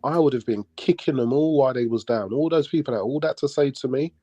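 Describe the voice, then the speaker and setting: A man's voice: medium pitch, quick pace, warm tone, dry recording, dull audio. A man in casual boxing chat, talking bluntly and boastfully.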